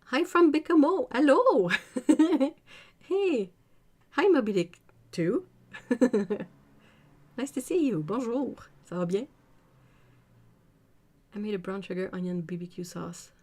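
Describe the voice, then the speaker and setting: A woman's voice: on the high side, expressive, slow, pauses often, darkish tone. A woman from Britain hosting a casual art livestream, reading viewer comments aloud, chatting and laughing often. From United Kingdom.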